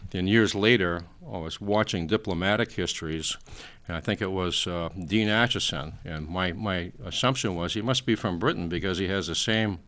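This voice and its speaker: A man's voice: low voice, moderate pace, a bit bright. A man in his sixties, a talk show guest, lecturing at length in a rambling way with many fillers. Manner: frequent fillers, trailing off.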